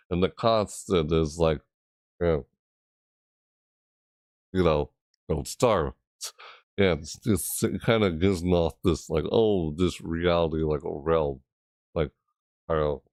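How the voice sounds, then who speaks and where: A man's voice: sits low, darkish tone, no echo, studio quality. A man giving casual, rambling game commentary, thinking aloud and hesitating often. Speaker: gaming video creator.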